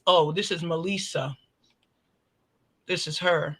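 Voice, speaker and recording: Male podcast co-host, high bright voice, earnest slow reader. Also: animated, gravelly. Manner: reads posts aloud slowly and earnestly. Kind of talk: casual crime podcast discussion.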